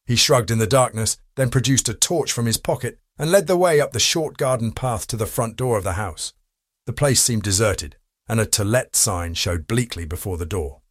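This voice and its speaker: A man narrating a crime story audiobook in a steady, measured reading. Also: lowish voice, dry recording, studio quality.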